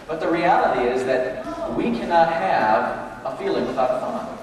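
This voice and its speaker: A man giving an animated, emphatic motivational talk to a live crowd, his voice a touch high and swinging widely in pitch. He is far from the mic in a large, echoing hall with a faint hum of room noise. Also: moderate pace. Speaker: motivational speaker. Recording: echoey hall, distant mic.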